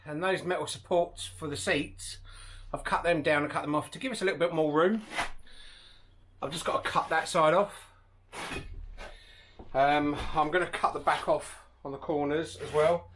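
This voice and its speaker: A man's voice: fairly high pitch, fairly even intonation, normal speed, pauses often, fairly bright tone, a little hiss or hum. A man in a casual DIY vlog, talking matter-of-factly and poking fun at his own struggles while stripping out the inside of a van. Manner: matter-of-fact, self-deprecating about struggles. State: out of breath. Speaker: van converter.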